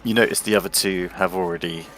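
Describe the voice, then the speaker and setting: Low-voiced man narrating a tabletop game. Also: fairly even intonation, a bit bright, soft background music. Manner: measured, with frequent ums. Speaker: dungeon master.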